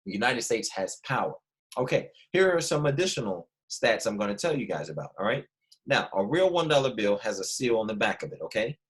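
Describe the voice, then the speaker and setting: A man's voice: on the low side, sing-song, brisk. A young man with a slight Philadelphia accent, teaching a first grade history lesson and patiently repeating key words for small children. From Philadelphia family. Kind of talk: online classroom lesson.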